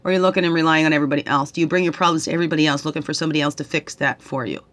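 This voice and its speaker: A woman's voice: deep voice, steady tone, racing, a bit bright. A middle-aged woman, tearful, leading a reflective spiritual guidance talk as a tarot reader, coaxing listeners with questions and a constant "right?".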